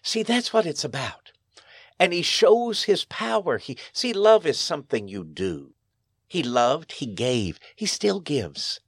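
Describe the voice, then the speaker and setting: A man's voice: fairly high pitch, big pitch swings, a little slow, breathy edge, no room sound. A man, a pastor, telling stories in an interview in an earnest, emphatic way, his voice rising sharply on key phrases. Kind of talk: storytelling interview.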